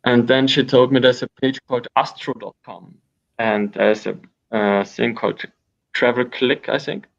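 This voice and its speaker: Gravelly man telling wild stories. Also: medium pitch, normal speed. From Austria. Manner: rambling, animated storyteller with frequent restarts. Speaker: guest. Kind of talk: storytelling in an interview. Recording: dull lo-fi sound.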